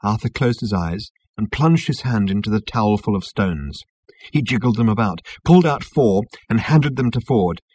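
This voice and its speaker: A man narrating a comic novel as an audiobook, with a wry, expressive delivery. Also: lowish voice, normal speed, husky.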